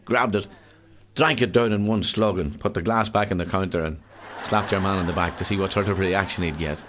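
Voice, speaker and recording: A man telling jokes as a stand-up comedian, with many "he says" tags. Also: lowish voice. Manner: rapid storyteller, repeats "he says".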